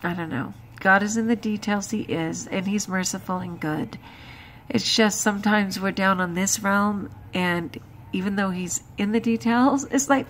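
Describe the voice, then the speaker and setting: A vlogger, exhausted, talks through her day in a chatty, emphatic personal vlog full of laughs and exclamations. Her voice is medium in pitch at normal speed.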